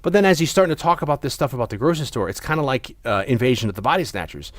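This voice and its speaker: A man's voice: mid-range voice, expressive, rapid-fire, dry recording. Rambling young man, dry sound. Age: young adult. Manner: rambling storyteller with many restarts. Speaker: podcast host. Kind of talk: casual chat.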